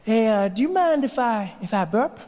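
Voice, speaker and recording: A man's own body as a sheepish character, overly reassuring and nervous, voiced by the man himself. The voice sits high and bright. A long hall reverb surrounds it. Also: animated, moderate pace, noisy background. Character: sheepish talking human body, male.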